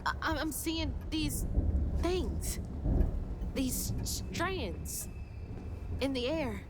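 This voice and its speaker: A woman's voice: sits high, very animated, drawn-out words, heavy background noise, heavily acted. A young woman, voicing a frightened young woman in a video game, pleading and urgent. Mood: desperate. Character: frightened young woman searching for her mother.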